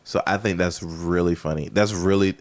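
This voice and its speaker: A man's voice: deep voice, steady tone, normal speed. A man, a comedian, chatting casually and frankly critiquing a friend's joke ideas, laughing often. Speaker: comedian giving feedback. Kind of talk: casual chat.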